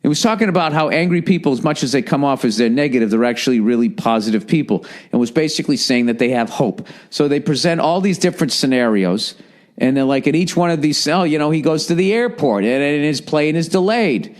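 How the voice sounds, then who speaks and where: Profane ranting man, fairly high voice. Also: expressive, fairly quick. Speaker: podcast host. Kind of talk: casual solo podcast rant.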